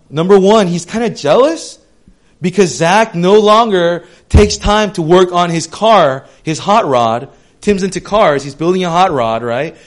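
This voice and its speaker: A young man preaching a sermon in a lively, conversational way, full of asides and casual slang. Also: on the high side. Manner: animated, conversational, with lots of asides. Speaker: pastor.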